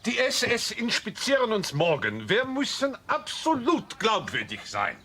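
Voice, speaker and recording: An actor playing a careful, measured camp commandant in a TV war drama. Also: male voice, very high voice, wildly swooping pitch, bright, forceful tone, slightly rough, full character voice. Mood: tense. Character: anxious male camp commandant.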